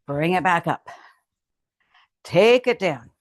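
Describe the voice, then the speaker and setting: Speaking slowly in a fairly low voice with lively intonation, a woman guides viewers through a home strength workout. She encourages them throughout, cueing moves and cheering often, in a dry recording.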